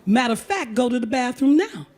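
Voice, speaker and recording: A woman voicing a bossy older male pedicurist, a former soldier, who speaks in commanding, deadpan orders. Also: on the high side, brisk.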